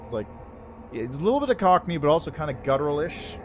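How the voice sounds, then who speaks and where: A man's voice: on the high side, sing-song, quick pace, soft background music. A man streaming a video game, casually thinking aloud between reading dialogue. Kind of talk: let's play commentary.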